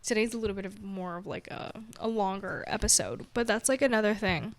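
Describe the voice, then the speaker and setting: A woman hosts her own podcast in a casual solo chat, rambling, mocking herself and laughing often. Her mid-range voice moves a little fast.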